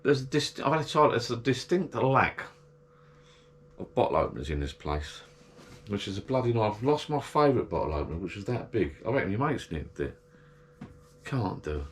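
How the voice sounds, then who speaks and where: A chatty man with a slightly low voice rambles to his action camera from a garden shed bar. He grumbles, sighs and talks in an easy, meandering way. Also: slight background noise. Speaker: vlogger. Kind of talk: casual chat to camera.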